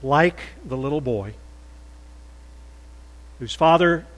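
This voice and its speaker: An older man preaching a sermon in a church, stressing words loudly, then dropping to a soft prayerful tone. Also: a little high, lively intonation, slow, in a large hall, poor audio. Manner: emphatic, swings between loud stresses and soft prayer. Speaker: pastor. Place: church sanctuary.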